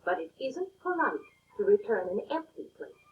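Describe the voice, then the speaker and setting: A woman's voice: a little high, sing-song, normal speed, phone-quality sound. A woman voicing a cheerful, literal-minded grown woman housekeeper in a storybook, polite and earnest.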